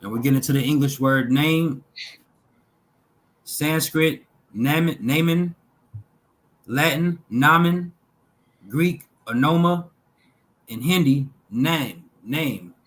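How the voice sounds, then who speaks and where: A man slowly reading lists of words aloud from a text, pausing between each item in a measured way. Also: fairly high pitch, rough recording. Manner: slow, measured reading with pauses between list items. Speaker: talk show host reading linguistic examples.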